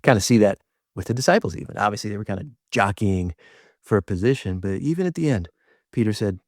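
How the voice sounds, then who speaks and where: A middle-aged man with a fairly low voice gives a reflective, faith-centered talk. He speaks conversationally, often stopping to restart or repeat a word. The sound is close and dry, with no room around it. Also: lively intonation, fast talker, no echo. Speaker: host.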